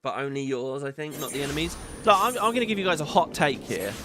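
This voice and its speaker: A man's voice: fairly high pitch, expressive, fast, background noise. A man hosting a gaming video, giving rambling, opinionated playthrough commentary. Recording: game music behind voice.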